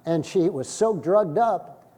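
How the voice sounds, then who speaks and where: A middle-aged male pastor preaching a sermon, telling stories and acting out the dialogue, with sudden loud bursts. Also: high voice, takes it slowly, breathy edge. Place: church sanctuary. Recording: long hall reverb from a church.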